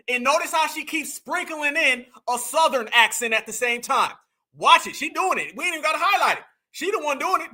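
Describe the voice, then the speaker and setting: Bright-voiced man ranting commentary. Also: very high voice. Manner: animated, preachy, calls audience "fam", mocks voices. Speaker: commentary host. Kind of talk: reaction commentary on clips.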